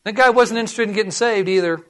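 A man's voice: sits high, fast talker. A middle-aged man preaching, telling personal stories and acting out the voices in them. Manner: animated storytelling, acts out voices. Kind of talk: sermon with personal testimony.

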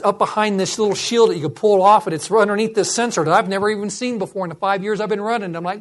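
A man's voice: high-pitched, quick pace, hardly any pauses. A middle-aged man preaching, telling personal stories and acting out the voices in them. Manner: animated storytelling, acts out voices. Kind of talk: sermon with personal testimony.

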